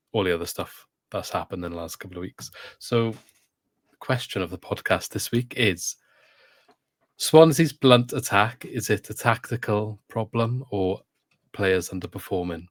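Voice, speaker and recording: Low-voiced man hosting a podcast chat. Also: no echo, studio quality. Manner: chatty, steering the conversation with questions. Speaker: podcast host. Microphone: video call.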